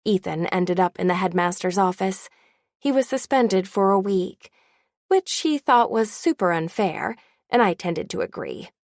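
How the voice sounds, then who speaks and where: A woman's voice: medium pitch, lively intonation, a little slow, a little mellow, no room sound, studio quality. A woman narrating an audiobook in the first person with a wry, candid tone.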